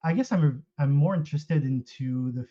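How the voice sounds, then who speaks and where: A man's voice: fairly high pitch, normal speed. A man in his thirties with a French Canadian accent, a native French speaker, calling in and talking hesitantly with many fillers. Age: 30s. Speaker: caller. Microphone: call-in audio. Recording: dull lo-fi call audio.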